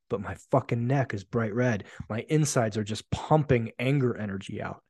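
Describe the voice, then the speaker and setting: A man's voice: mid-range voice, a little fast, hardly any pauses, warm tone, no echo, studio quality. A man in his forties hosting a solo podcast, telling stories bluntly and with frequent swearing. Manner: blunt, profane, emphatic storytelling. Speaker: podcast host.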